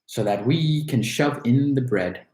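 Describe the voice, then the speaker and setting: A man's voice: medium pitch, unhurried, darkish tone, natural voice. A man reading the lines of a wicked old witch who scolds and gives orders impatiently. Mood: scolding. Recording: roomy echo.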